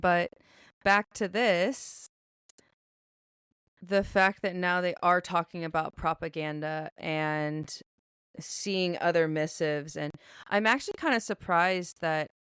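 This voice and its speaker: A woman's voice: lowish voice, slow, a bit bright, smooth, no room sound, studio quality. A woman co-hosting a podcast, rambling through a casual book discussion and recapping the plot at length. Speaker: podcast co-host.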